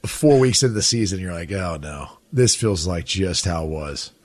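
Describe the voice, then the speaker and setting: Low, lively man asking questions. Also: moderate pace. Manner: asking questions, stammering starts. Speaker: radio show co-host. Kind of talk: casual sports radio chat.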